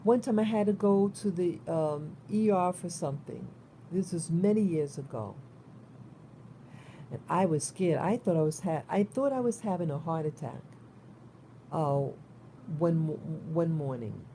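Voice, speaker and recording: Vlogger: New woman, warm, mellow voice, concerned, rambling delivery with frequent restarts. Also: low voice, expressive, measured pace, a little hiss or hum. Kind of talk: casual spoken monologue.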